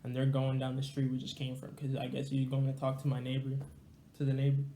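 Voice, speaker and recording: A man's voice: mid-range voice, monotone, fast, dark tone, echoey room, slight background noise. A young man telling a casual, slangy, rambling story to his viewers. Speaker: storyteller vlogger.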